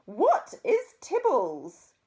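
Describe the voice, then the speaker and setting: A woman with a New Zealand accent voicing a tall, posh, snooty older woman, speaking higher and louder than her narration. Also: very animated, measured pace. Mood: indignant. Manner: posh, haughty.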